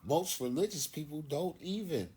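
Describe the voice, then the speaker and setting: A man's voice: on the high side, animated, moderate pace, darkish tone, slightly rough. A man with a Philadelphia accent talking loosely and profanely to viewers on a phone livestream, swaggering and preachy. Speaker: livestream host. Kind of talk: casual livestream monologue.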